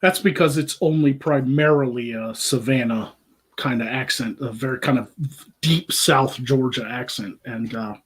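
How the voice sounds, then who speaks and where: Husky crude-joking man, casual chat. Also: mid-range voice, moderate pace. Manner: crude, laughing, puts on Southern drawls. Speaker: podcast host.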